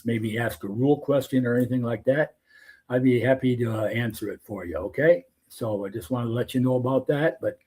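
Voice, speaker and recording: Husky older man hosting a podcast. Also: medium pitch, a little mellow. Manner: folksy, rambling with many uh fillers. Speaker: podcast host. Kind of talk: casual chat.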